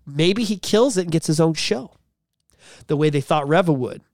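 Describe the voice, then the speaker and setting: A man co-hosting a casual podcast, chatting loosely, swearing freely and slipping into quick impressions of film characters. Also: fairly high pitch, expressive, a little mellow, no room sound, clean studio sound. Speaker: podcast co-host. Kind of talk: casual chat.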